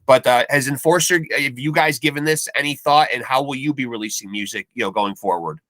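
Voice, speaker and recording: A man's voice: medium pitch, brisk, fairly bright tone, no echo. A man hosting a podcast, asking long, rambling interview questions full of fillers. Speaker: podcast host.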